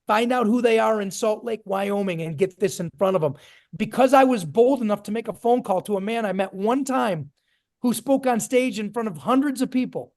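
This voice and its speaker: A man with a high-pitched voice giving a motivational talk over a video call. He is emphatic and punchy, and he stacks up lists to drive his points home. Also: creaky, a little mellow. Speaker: motivational speaker for a business team.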